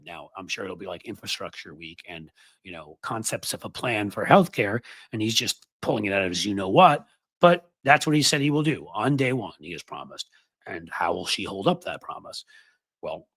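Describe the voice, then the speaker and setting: A man's voice: fairly low pitch, very animated, normal speed, fairly bright tone, slightly rough, no echo. A man hosting casual political commentary, full of sarcastic, mocking asides.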